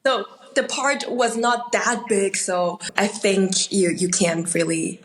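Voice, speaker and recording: A woman's voice: mid-range voice, slow pace, a little hiss or hum, poor audio. A woman with a German accent, a native German speaker, chatting as an actor guest in an interview, laughing often between fillers. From Austria. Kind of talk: casual interview chat.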